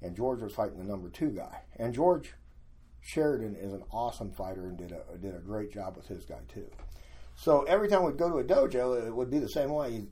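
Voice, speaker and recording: An older man with a low, husky voice spins a casual story as a guest. He tells his anecdotes with energy and slips into the voices of the people in them. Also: a little fast. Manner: animated anecdotes, acting out quoted voices.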